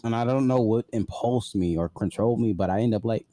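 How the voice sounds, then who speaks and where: A man's voice: lowish voice, fast, dark tone, no echo. A man casually telling a personal story, blunt and profane, full of "like" fillers.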